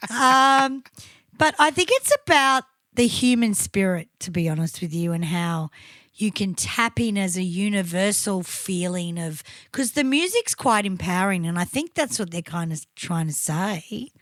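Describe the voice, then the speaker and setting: A woman's voice: medium pitch, lively intonation, unhurried, fairly bright tone, dry recording, clean studio sound. A woman co-hosting a podcast in casual, chatty, opinionated talk, swearing now and then. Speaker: podcast co-host. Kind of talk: casual chat.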